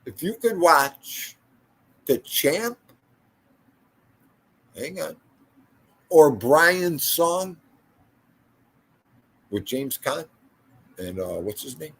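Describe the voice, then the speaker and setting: Man, older, husky, casual livestream host, rambling storyteller. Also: on the high side, very animated, very slow, long pauses. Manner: rambling storytelling, talking to chat by name. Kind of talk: casual livestream chat reading viewer comments.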